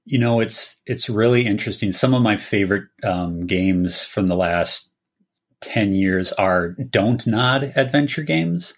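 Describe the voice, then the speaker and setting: A man guesting on a podcast, talking in a relaxed, thoughtful way and repeating words as he starts a thought. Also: on the low side, measured pace. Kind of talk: casual chat.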